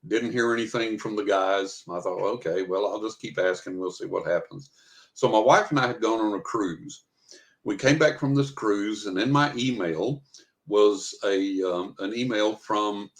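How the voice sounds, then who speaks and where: A man's voice: on the low side, moderate pace, rough recording. Older guy, psychic guest, chatty storyteller who acts out his lines. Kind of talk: storytelling interview.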